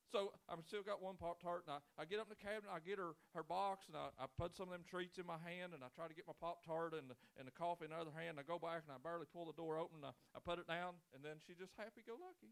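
A man's voice: a little high, vocal fry. A man in his forties, a pastor preaching a sermon with folksy, joking storytelling and casual grammar. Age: 40s.

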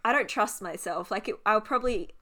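An Australian woman co-hosts a podcast in loose, casual chat. Her voice is bright and forward, and she laughs easily, swears freely and quizzes her co-host. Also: mid-range voice, brisk.

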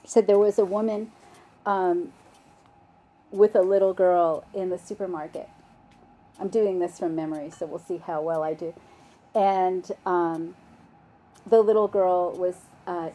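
A woman meditation teacher giving a gentle, unhurried dharma talk, with soft laughs and fillers. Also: on the low side.

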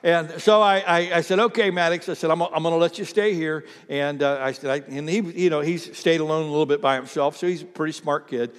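A man's voice: on the high side, smooth. Older male pastor in reverberant church. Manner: storytelling, halting restarts, rising to emphatic calls. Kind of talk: sermon with personal story. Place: church sanctuary. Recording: long reverb of a church hall.

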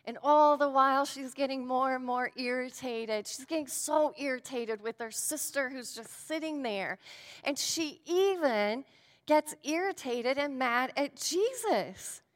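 A woman giving a sermon and a prayer, earnest and shifting between emphatic lines and hushed ones. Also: sits high, unhurried, in a large hall. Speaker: speaker at a devotional.

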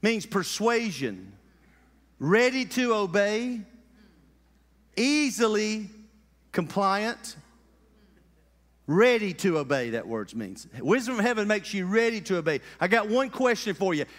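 A male preacher, preaching an animated sermon and calling out to his congregation. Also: high voice, measured pace, long pauses, in a large hall. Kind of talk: lively sermon. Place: church sanctuary.

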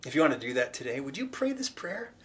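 A man's voice: on the high side, very animated, quick pace, a bit bright. A man preaching a sermon, retelling a parable in a casual, conversational way with acted-out quotes. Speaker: pastor.

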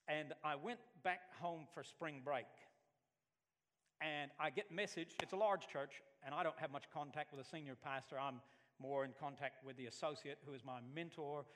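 An Alabama pastor delivers a sermon, telling stories in an animated way and acting out the characters' voices. His voice is a little high and fairly quick, and a long reverb tail trails after his words.

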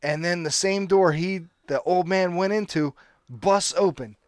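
A man with a somewhat high voice tells a long, animated story in a casual chat, acting out each person's lines and often breaking into laughter. The sound is dry and close, with no room echo. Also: a little slow. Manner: animated, laughing storyteller who acts out quotes.

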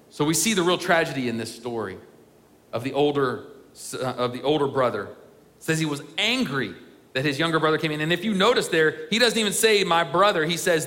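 A man's voice: fairly high pitch, pushed and bright. A man preaching a sermon as pastor, earnest and rhetorical, sometimes acting out the voices of complainers. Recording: long hall reverb.

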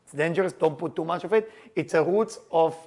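This man's voice is a little high and a little quick as he teaches a group about the Passover seder. Animated and funny, he laughs often, cracks jokes, and shouts for emphasis during the lively talk.

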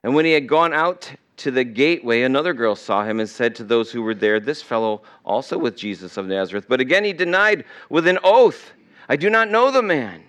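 A man's voice: medium pitch, animated, a little fast, few pauses, a bit bright, clean tone. A male pastor preaching a sermon in a conversational way, now and then acting out the people in the story. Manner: conversational preaching, acts out quoted voices. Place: church sanctuary.

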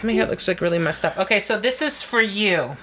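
A woman's voice: medium pitch, lively intonation, fairly quick, fairly bright tone, a little hiss or hum. A woman co-hosting a podcast in casual, giggly, self-deprecating chat. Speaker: podcast co-host.

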